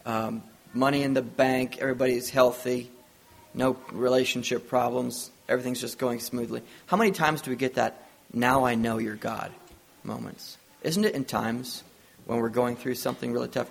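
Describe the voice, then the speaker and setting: A man's voice: medium pitch, steady tone, moderate pace, vocal fry. A man preaching a sermon, retelling a Bible story with earnest storytelling and acted-out dialogue.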